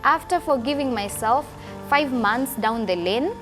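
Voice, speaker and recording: A woman's voice: a little high, animated, a little slow. Woman in her twenties, interview guest, earnest testimony with repeated phrases, music bed behind. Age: 20s.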